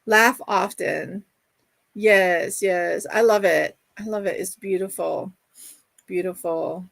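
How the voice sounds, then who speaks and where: A middle-aged woman hosts a casual livestream, reading viewer comments aloud in a chatty, affectionate, gushing way. Her voice is fairly low and gravelly yet fairly bright in tone, slow-paced, with a dry recording.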